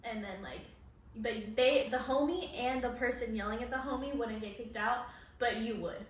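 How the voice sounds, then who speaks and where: A young woman with a high voice co-hosts a casual podcast, chatty and playfully sarcastic, filling her speech with "like". She is recorded some distance from the mic in a strongly echoing room, with a faint hiss behind. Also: normal speed. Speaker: podcast co-host. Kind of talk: casual chat.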